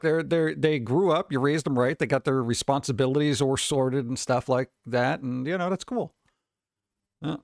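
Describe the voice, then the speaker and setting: A man's voice: medium pitch, no echo, studio quality. A man in his forties, a streamer rambling casually and answering chat, swearing and chuckling often.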